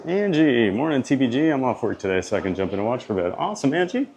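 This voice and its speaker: A man with a Louisiana accent live-streaming from a theme park, reading and answering chat viewers in a relaxed way. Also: medium pitch, quick pace, slight background noise.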